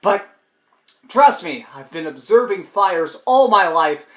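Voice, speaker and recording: A man voicing a smug, self-assured woman who claims fire expertise, in a loud, mocking, haughty way. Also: high-pitched, lively intonation, takes it slowly, roomy sound, heavily acted.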